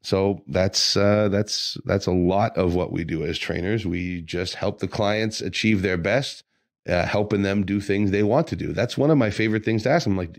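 A deep-voiced man on a fitness podcast, talking casually as a trainer and building into earnest rants. His voice sits very low and close, with a dry, dead sound around it. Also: normal speed, no room sound. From Quebec. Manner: chatty, ranting with conviction.

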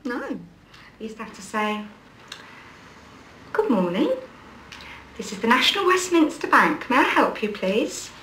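A chirpy would-be-posh aunt. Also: female voice, on the high side, big pitch swings, unhurried, pauses often, pushed and bright, slight background noise, full character voice. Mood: indignant. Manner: chirpy, coaxing, sing-song. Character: prim chatty middle-aged woman trying to sound posh. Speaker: employer. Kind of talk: 1980s film drama acting.

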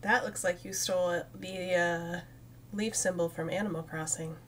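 A woman's voice: on the low side, fairly even intonation, moderate pace, fairly bright tone, a little hiss or hum. A young woman streaming a cozy game, chatting casually and talking to the plants as she plays, with frequent giggles. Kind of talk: casual let's-play commentary.

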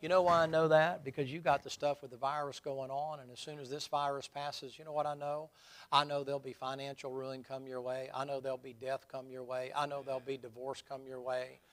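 A middle-aged man preaching a sermon, telling folksy stories and building to loud, emphatic points. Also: medium pitch, level tone, brisk.

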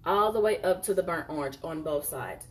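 A woman hosting a live jewelry sale, chatting casually and warmly addressing viewers as y'all and honey. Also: low voice, expressive, moderate pace, distant mic.

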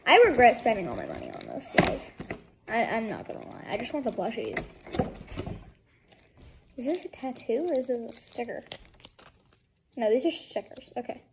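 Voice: mid-range voice, huge pitch swings, moderate pace, gravelly, long pauses. A teenager unboxing an advent calendar in a casual vlog, grumbling and exasperated, rambling asides to viewers. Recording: loud background noise.

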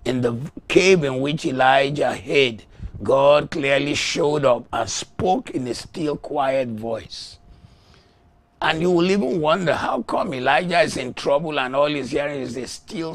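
A man preaching a sermon, slow and emphatic, rising to loud shouts when he acts out voices in a story. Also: medium pitch. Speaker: pastor.

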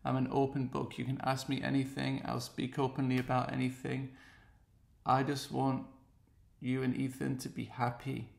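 A man's voice: mid-range voice, monotone, moderate pace, gravelly, a little mellow, echoey room. An English man with an earnest, heartfelt and pleading manner, speaking straight to the camera in a personal video message.

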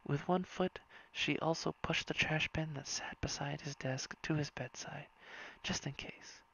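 A reader narrating a whispered bedtime story in a soft, hushed and unhurried way. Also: medium pitch, steady tone, creaky, slightly rough. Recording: dull lo-fi recording.

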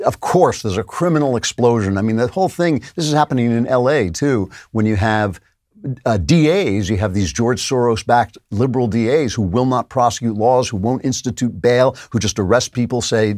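A man's voice: mid-range voice, moderate pace, darkish tone, dry recording, studio quality. A man hosting a political commentary show, delivering a sarcastic, incredulous monologue with laughter at the clips. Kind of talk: opinionated monologue.

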